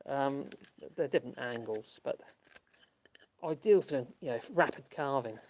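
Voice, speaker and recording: A man talks casually as he carves in his workshop, rambling from one thought to the next. His voice sits in an ordinary middle pitch, and he chuckles to himself now and then. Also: unhurried, darkish tone. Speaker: woodworking channel host. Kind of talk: casual chat while working.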